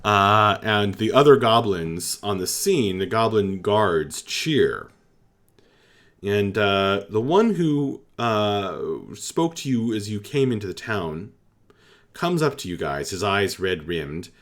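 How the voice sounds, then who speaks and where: Male game master, low voice, slow narration with plenty of fillers. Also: lively intonation, fairly bright tone.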